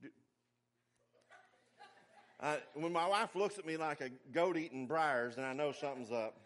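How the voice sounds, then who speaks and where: Pastor, male, middle-aged; emphatic, folksy sermon delivery, slightly high-pitched. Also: moderate pace, pauses often, fairly bright tone. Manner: folksy, emphatic preaching with asides and humor.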